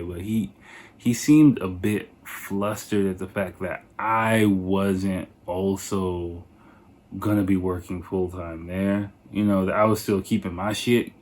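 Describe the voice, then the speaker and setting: A man's voice: sits low, steady tone, measured pace, a little mellow. A man hosting a podcast, telling a rambling story in a casual, profane, laid-back way. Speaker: podcast host.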